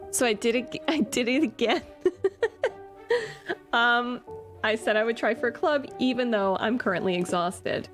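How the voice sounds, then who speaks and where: A woman with a slightly high voice speaks very slowly at the game table. She is hesitant and laughs softly between her ideas. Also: faint music behind. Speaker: player. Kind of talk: casual table talk.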